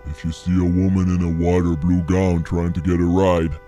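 An actor voicing a grim older gas station attendant in a horror game, giving warnings in a slow, ominous drawl. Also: male voice, low-pitched, little pitch movement, warm tone, faint music behind, natural voice.

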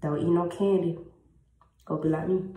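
A woman's voice: fairly low pitch, steady tone, moderate pace, dark tone. A young woman chatting in a casual vlog, slangy and blunt with plenty of swearing, her jaw numb after a tooth was pulled. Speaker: vlogger. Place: at home, indoors. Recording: echoey room with faint noise.

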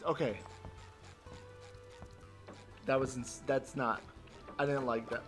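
A male streamer commentating live on his gameplay, excitable and laughing, yelping at the game and talking to his chat. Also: a little high, moderate pace, creaky, pauses often. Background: game music.

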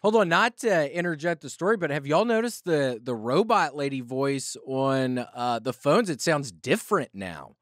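A man's voice: on the high side, big pitch swings, normal speed, hardly any pauses, fairly bright tone, no echo, clean studio sound. A man hosting a podcast, firing off teasing, curious follow-up questions. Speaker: podcast host. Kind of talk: casual podcast chat.

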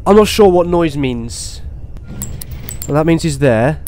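A young man playing a horror game, talking to himself and swearing, with sudden excited outbursts. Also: on the high side, unhurried, a little hiss or hum. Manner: swears, talks to himself, swings between muttering and excited outbursts. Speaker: gaming YouTuber. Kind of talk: horror game let's play commentary.

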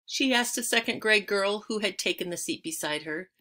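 Bright-voiced woman reading a children's story. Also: medium pitch, normal speed. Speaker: audiobook reader. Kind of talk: reading a children's chapter book aloud.

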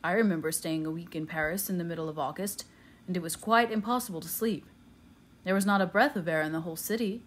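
A woman's voice: on the low side, fast, a little hiss or hum, natural voice. A woman reading the lines of a polite, mild-mannered English estate manager in plain conversational speech.

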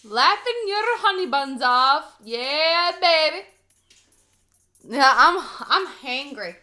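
A woman's voice: high-pitched, lively intonation, slow, sharp tone. A woman in her thirties chatting casually and bubbly to her live stream while baking at home. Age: 30s. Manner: bubbly, giggly, rambling.

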